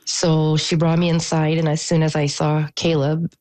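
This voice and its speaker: A woman, a mother, telling a news interviewer what happened, haltingly and with pauses. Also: sits low, completely flat delivery, warm tone, poor audio. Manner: halting, emotional recounting with pauses. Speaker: mother of an assault victim.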